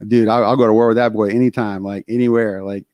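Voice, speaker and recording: A man from Texas co-hosting a podcast, talking casually in animated stretches, full of fillers and restarts. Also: on the low side, fast talker, no echo, lo-fi sound. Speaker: podcast co-host.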